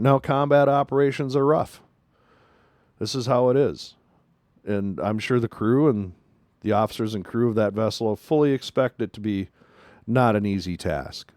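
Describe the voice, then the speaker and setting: A man's voice: medium pitch, expressive, normal speed, a little mellow, dry recording, studio quality. A man hosting a news commentary show. He talks emphatically and repeats his points for stress. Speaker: show host.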